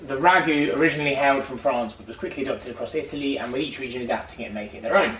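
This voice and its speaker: A man chatting casually in a home kitchen, relaxed, explaining a dish as he cooks. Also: medium pitch, racing, far from the mic, slight background noise. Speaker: partner. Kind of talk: casual chat. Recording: roomy and off-mic, chatter behind.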